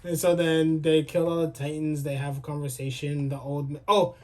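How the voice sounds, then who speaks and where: A young man co-hosting a podcast, casually recapping anime episodes and acting out the characters' lines in quick voices. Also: on the high side, little pitch movement, slight background noise. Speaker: podcast co-host.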